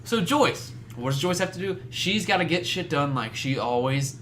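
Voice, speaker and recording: A young man recaps events on a podcast with animated storytelling. His voice is bright and slightly high, with lively rises and falls. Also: normal speed, slight background noise. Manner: animated storytelling with acted-out quotes. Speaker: podcast co-host. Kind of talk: casual chat.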